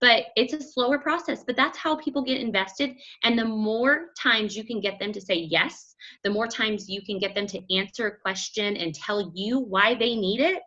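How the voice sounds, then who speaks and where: A woman giving energetic, chatty motivational coaching talk to a group, often acting out quotes. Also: on the high side, moderate pace, hardly any pauses, lo-fi sound. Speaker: fitness business coach.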